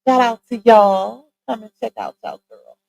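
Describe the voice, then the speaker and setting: A woman with a Southern Louisiana accent hosting a live stream, chatting casually and straight to her viewers on a boom-arm mic. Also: fairly even intonation, a little slow, gravelly, darkish tone, dry recording, rough recording. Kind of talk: casual chat. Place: home streaming setup. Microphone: side-mounted boom arm mic.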